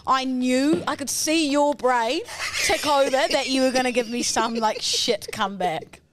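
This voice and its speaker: A woman's voice: sits high, unhurried, background noise. A woman co-hosting a podcast, chatting casually, swearing and firing off teasing comebacks. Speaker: podcast co-host. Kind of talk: casual banter.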